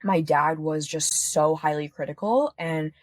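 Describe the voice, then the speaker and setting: A woman's voice: deep voice, unhurried, no room sound, clean studio sound. A woman talking candidly as a podcast guest, chatty and full of fillers, swearing freely. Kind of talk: casual podcast conversation.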